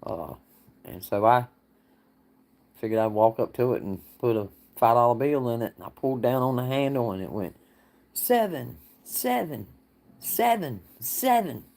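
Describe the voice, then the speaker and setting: A man's voice: mid-range voice, moderate pace, a little mellow. A man talks in a casual livestream chat. He rambles in a folksy way, answering viewers and laughing often. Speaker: livestream host.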